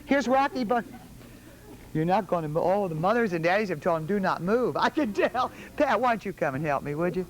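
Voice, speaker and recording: A woman's voice: fairly low pitch, lively intonation, fairly quick, rough recording. A woman hosting a holiday television show in a studio, coaxing small children with sing-song questions. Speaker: television host.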